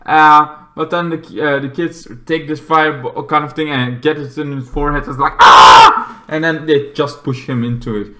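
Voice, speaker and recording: A man reviewing a movie in a rambling, casual way, restarting often and breaking into loud acted-out shouts. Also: fairly high pitch, steady tone, moderate pace, few pauses, slight background noise.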